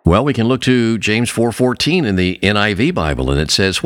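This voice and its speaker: A man preaching a sermon, earnest, telling a story and slowing down on key phrases. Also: animated, fairly bright tone. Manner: earnest, swings pitch widely for emphasis.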